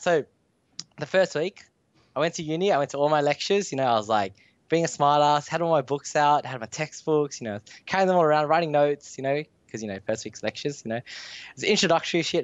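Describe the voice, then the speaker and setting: A man's voice: on the high side, fast, dry recording. A young Australian man telling a long story as a podcast guest, rambling with lots of fillers. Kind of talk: casual storytelling. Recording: dull dry sound.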